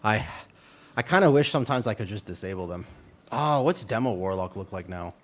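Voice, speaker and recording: A man's voice: lowish voice, lively intonation, brisk. A young man streaming a game, slightly out of breath from exercise and joking casually with his viewers. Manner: joking, chatty, talks to viewers. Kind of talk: casual live-stream chat. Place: home room with a fan.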